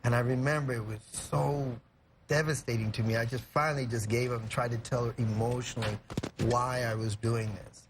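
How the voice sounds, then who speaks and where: A man's voice: mid-range voice, fairly even intonation, fairly quick, noisy background. A young man from California, a guest in a TV studio, telling an emotional story earnestly and reflectively, with many "you know" fillers. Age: young adult.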